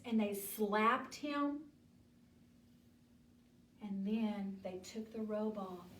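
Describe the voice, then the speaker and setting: A woman with a fairly high voice teaches a children's Bible lesson, telling the story dramatically and performing the characters' voices. She's recorded from some distance in an echoey room.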